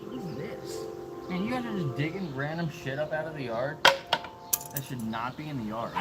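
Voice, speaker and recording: A man's voice: a little high, animated, normal speed, over loud music. A man on a casual live stream outdoors in a yard, talking baby talk to dogs and swearing now and then as he goes. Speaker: livestreamer. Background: dogs and loud outdoor noise.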